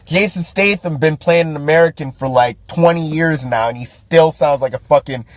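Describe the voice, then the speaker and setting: A podcast host with a voice on the high side, speaking at a moderate pace with no room sound. He rants about a movie in casual, profane commentary, laughing a lot and restarting his sentences.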